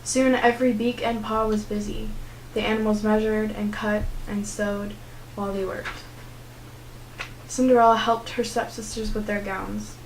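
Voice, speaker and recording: A teenage young woman reading a children's storybook aloud in a steady, clear narrating voice. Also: medium pitch, normal speed, slight background noise, poor audio. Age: teens. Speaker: student reader.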